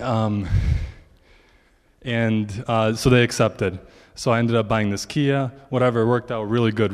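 A man's voice: medium pitch, steady tone, a little slow, long reverb tail. A man giving a casual testimony to a congregation, telling a long story in a chatty way and quoting his own thoughts.

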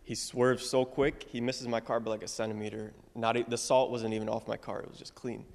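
A man's voice: mid-range voice, little pitch movement, fairly quick, gravelly, darkish tone, in a large hall. A young man giving a casual testimony to a congregation, telling it in a rambling way full of fillers. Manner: rambling, filler-heavy storytelling.

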